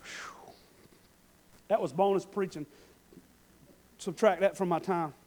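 Preacher guy with a really high voice, fired up and folksy, keeps repeating lines. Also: steady tone, slow pace. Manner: fervent, repetitive, breaks into shouting; folksy, conversational asides. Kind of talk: sermon.

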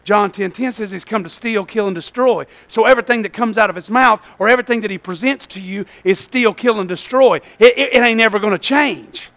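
High, bright-voiced preacher. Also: male voice, a little fast, hardly any pauses. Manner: call-and-response, asking "Amen?"; swings between shouting and quiet asides. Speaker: pastor. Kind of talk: sermon. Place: church.

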